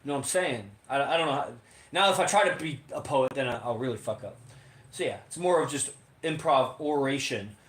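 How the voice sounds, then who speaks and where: A podcast co-host with a mid-range, fairly quick, fairly bright voice delivers a rambling, profane livestream monologue from his home in Las Vegas. It's casual and full of fillers, and the recording has a roomy echo.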